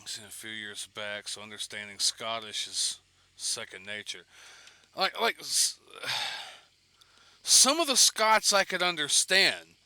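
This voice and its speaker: A man's voice: mid-range voice, animated, slow pace, sharp tone, clean tone, no echo. A man giving casual, rambling gameplay commentary while streaming, swearing and laughing between asides. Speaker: gaming streamer.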